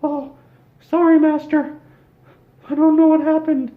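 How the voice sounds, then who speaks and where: Shrill evil cartoon mouse, cackling falsetto, loud, lo-fi recording. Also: male voice, level tone, measured pace. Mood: fawning. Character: squeaky, gleeful evil cartoon mouse cult leader.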